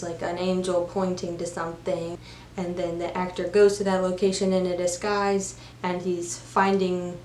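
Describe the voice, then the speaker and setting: A woman with a fairly low, slightly mellow voice reviews a film, retelling the plot in a chatty, casual way packed with fillers. The recording sounds roomy, with faint background noise.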